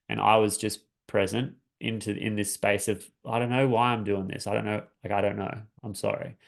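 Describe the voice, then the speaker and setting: Earnest man with a gravelly low voice. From Australia. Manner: earnest, searching, repeats and restarts phrases. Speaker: coach. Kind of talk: reflective personal talk.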